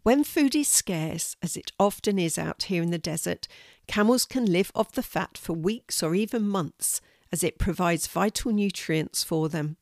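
A woman's voice: lowish voice, expressive, unhurried, darkish tone, no echo, clean studio sound. A woman voicing a kindly female guide in a children's story, patiently explaining things in a teacherly way. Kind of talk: storybook reading.

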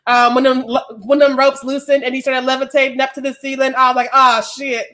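A woman's voice: high voice, level tone, fast talker, a bit bright. A woman. She co-hosts a casual podcast, blunt and profane, and laughs often. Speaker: podcast co-host.

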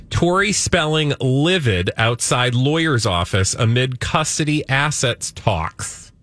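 A man's voice: mid-range voice, animated, slow, hardly any pauses, a bit bright, dry recording. A man co-hosting a podcast in casual comedic chat, playful and mock-outraged. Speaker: podcast co-host.

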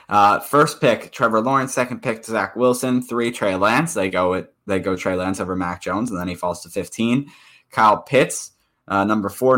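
A man's voice: fairly low pitch, pushed and bright. A man co-hosting a casual sports podcast, rambling with frequent restarts. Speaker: podcast co-host.

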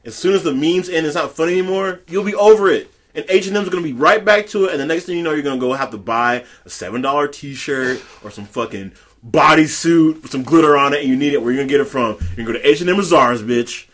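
Man, podcast rant, heated, profane, bright tone, slightly high voice. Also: quick pace. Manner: loud, heated, swings between growls and high yells. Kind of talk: profane ranting commentary.

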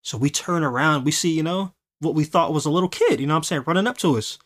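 A man hosting a podcast, telling a story in a casual, animated way. He laughs often and acts out the voices of the people he quotes. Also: on the high side, quick pace. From Los Angeles. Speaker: podcast host.

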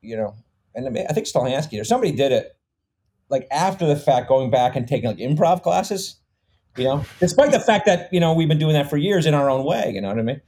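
A man's voice: fairly high pitch, expressive, fairly quick, warm tone, breathy edge. A man in a casual podcast chat, explaining how things worked behind the scenes, with many "you know" fillers. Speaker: comedy troupe member, co-host.

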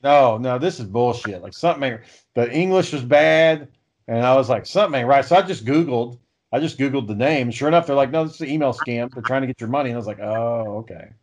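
A man's voice: mid-range voice, fast. A man in his thirties chatting casually and telling rambling, profane stories. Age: 30s. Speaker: podcast co-host. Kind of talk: casual chat. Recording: dull lo-fi audio.

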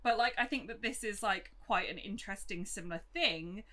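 A young woman with a bright, sharp-edged voice talks casually as a podcast co-host. She is chatty and agreeable and fills her sentences with easy fillers. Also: mid-range voice, a little fast. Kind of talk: casual book discussion.

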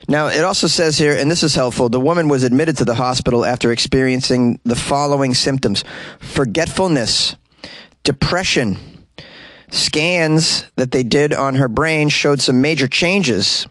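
A man's voice: mid-range voice, normal speed, fairly bright tone, no room sound. A man hosting a comedic news podcast, reading odd stories with wry, joking asides, recorded in a closet. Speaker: podcast host.

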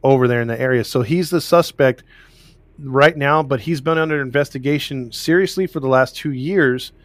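A man's voice: mid-range voice, normal speed, dry recording. A man co-hosting a casual chat, recounting a case in a rambling way with restarts and laughs. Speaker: podcast co-host recounting a case.

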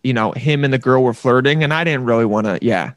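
A man in casual chat, playful and animated, often slipping into silly voices mid-story. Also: mid-range voice, quick pace, dry recording, studio quality. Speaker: actor.

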